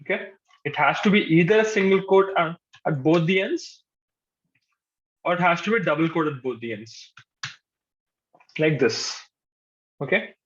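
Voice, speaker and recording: A male programming instructor, giving a live coding lecture to a class. He repeats his points patiently and says "okay" often. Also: on the high side. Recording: dull lo-fi sound.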